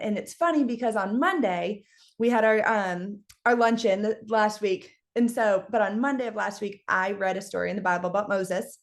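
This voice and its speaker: A woman leading a team call, telling stories in an energetic, animated motivational style with quick asides. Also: a little high. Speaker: team leader speaking on a team call. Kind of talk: casual motivational talk with storytelling.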